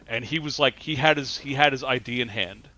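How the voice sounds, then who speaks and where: A man hosting a podcast, telling stories in a lively way, laughing often and restarting his sentences. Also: medium pitch, a little fast. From New York. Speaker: podcast host. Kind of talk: casual chat.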